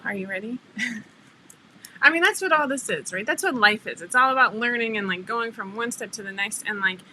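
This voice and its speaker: A woman's voice: on the high side, moderate pace, pushed and bright, a little hiss or hum, poor audio. A middle-aged woman hosting a casual livestream, chatty and laughing often as she greets viewers by name over a computer mic. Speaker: livestream host.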